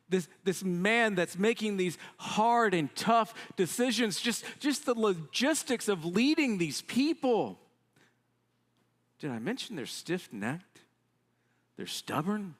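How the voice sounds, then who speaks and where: A male pastor with a high-pitched voice preaches unhurriedly and deliberately, his pitch rising and falling widely as he animatedly retells a story. Speaking conversationally with frequent "I mean" asides, he acts out the complaints of the story's people. Long church-sanctuary reverb surrounds the sound.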